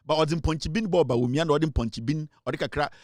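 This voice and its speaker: A man with a Ghanaian accent hosting a comedy show, giving laughing, animated comic commentary and mixing English into his talk. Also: on the high side, brisk, no room sound, clean studio sound.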